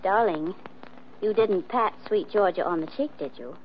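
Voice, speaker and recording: A woman's voice: mid-range voice, moderate pace, close to an everyday voice. An actress playing a playful, jealous young girlfriend in 1940s radio acting style. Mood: teasing. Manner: playful teasing. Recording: dull old radio broadcast with faint hiss.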